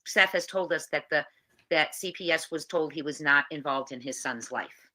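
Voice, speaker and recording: A woman co-hosts a casual livestream in a very low, forceful voice. She talks animatedly, fires quick questions and reacts to the chat.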